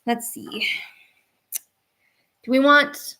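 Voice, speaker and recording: A woman's voice: high-pitched, fairly even intonation, drawn-out words, pushed and bright. A woman chatting casually on a live stream as she draws at home, talking to her viewers. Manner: chatty, talks to her cats and chat. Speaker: art streamer. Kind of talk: casual live-stream chat while drawing.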